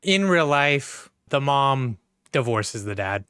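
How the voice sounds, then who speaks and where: A man co-hosting a podcast in casual chat, animated, cutting in excitedly and acting out quotes. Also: slow pace, smooth, no echo. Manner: animated, jumps in excitedly, acts out quotes in a high voice. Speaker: podcast co-host.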